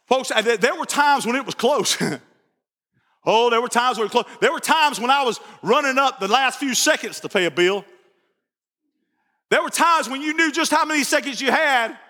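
A man preaching with a very high, bright, sharp voice, animated and joking and often repeating himself. His voice rings through a church sanctuary with a long reverb. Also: normal speed. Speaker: pastor. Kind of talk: sermon.

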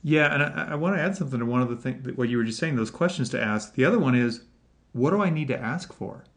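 Brief: male podcast host, mid-pitched voice, casual and animated, laughs between thoughts. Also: fast talker. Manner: animated, laughs often, puts on voices in quotes. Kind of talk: casual interview chat.

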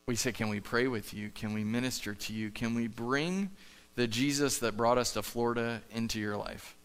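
A man's voice: medium pitch, normal speed, clean tone. A man preaching a sermon in a church, telling a story in a conversational, earnest way and acting out the dialogue. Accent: Midwestern American. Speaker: pastor. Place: church sanctuary. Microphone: live stage mic.

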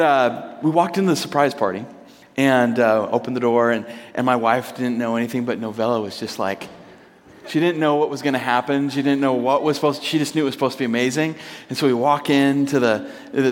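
Casual guy pastor telling a family story, lots of ums and restarts, big echoey church hall. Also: medium pitch. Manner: casual, rambling, with many fillers and restarts. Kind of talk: storytelling sermon. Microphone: microphone. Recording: long hall reverb.

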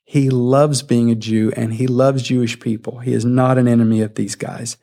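A man's voice: mid-range voice, normal speed, creaky. Male preacher, mid-range voice, vivid storyteller retelling scripture. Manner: animated storytelling, acting out the scene. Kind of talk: sermon.

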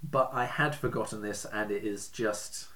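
A man's voice: fairly low pitch, moderate pace, a loud crowd. A man hosting a casual podcast, telling stories in a chatty way and laughing often. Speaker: podcast host.

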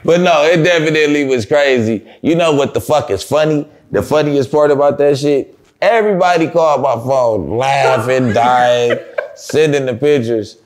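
A man's voice: mid-range voice, moderate pace. A man as an interview guest, telling a story casually, swearing a lot and laughing through it. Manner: animated storyteller, profane, often laughing.

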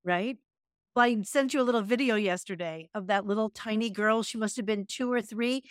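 A woman's voice: medium pitch, brisk, clear, resonant tone, no echo, studio quality. A woman co-hosting a podcast, chatting casually and telling stories expressively. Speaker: podcast co-host, yoga and meditation teacher.

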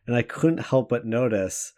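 A man's voice: mid-range voice, expressive, normal speed, warm tone. A man co-hosting a podcast in casual chat, joking and chatty and laughing often as he talks. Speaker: podcast co-host.

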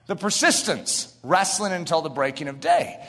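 A man preaching a sermon with mounting passion, often rising to shouts. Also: sits high, lively intonation, moderate pace. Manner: impassioned preaching, building to shouts. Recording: reverberant hall.

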